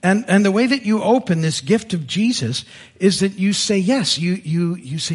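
Male pastor, husky, animated delivery, wide-ranging pitch, church sermon. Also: normal speed. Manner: animated, jumps into high voices when telling stories. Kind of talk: sermon with storytelling.

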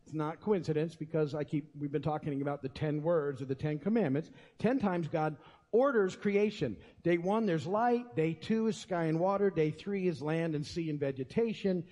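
A male pastor preaching in an easy, conversational way, full of asides and restarts. His voice sits high for a man. The room gives it a long, hall-like reverb. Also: normal speed, mellow. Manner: conversational, folksy, with many fillers and restarts. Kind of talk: sermon.

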